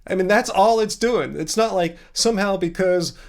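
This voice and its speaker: A man's voice: high voice, normal speed, soft background music. A man hosting a commentary vlog, talking in an emphatic, argumentative and sarcastic way. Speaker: vegan channel host.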